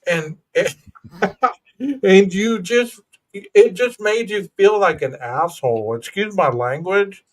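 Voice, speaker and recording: A man's voice: high-pitched, slow pace. Earnest reflective man hosting a stream. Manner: earnest, reflective, says "bro" and "you know". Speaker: podcast host. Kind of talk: casual livestream chat.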